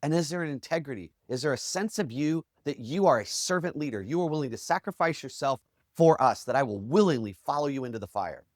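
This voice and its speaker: Animated male podcast host, dry close mic. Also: medium pitch, fast, no room sound. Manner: animated, acts out quotes in character voices. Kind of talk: motivational storytelling talk.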